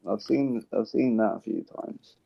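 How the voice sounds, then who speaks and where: Gravelly low guy, kinda husky, dry comments, muffled lo-fi mic. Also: unhurried. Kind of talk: casual chat. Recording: dull lo-fi mic.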